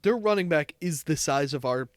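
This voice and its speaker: A man's voice: fairly high pitch, lively intonation, moderate pace, dry recording. Rambling, foul-mouthed young man telling stories. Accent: New England. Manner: rambling, heavy swearing, lots of "like". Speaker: podcast host. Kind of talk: casual storytelling chat.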